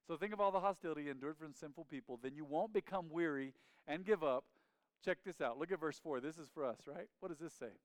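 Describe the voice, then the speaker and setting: A man's voice: on the high side, quick pace, no room sound. A male pastor preaching a sermon, leading the congregation in call-and-response with emphatic, rising appeals. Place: church sanctuary.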